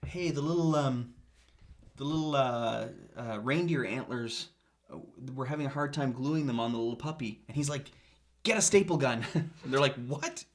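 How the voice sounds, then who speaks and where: A man co-hosting a relaxed movie podcast, his voice sitting in an ordinary middle register. He retells film scenes with animated, playful energy, slipping into quick acted-out quotes. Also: medium pitch. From Canada. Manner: animated storyteller, acts out quotes. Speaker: podcast co-host. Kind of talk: casual chat.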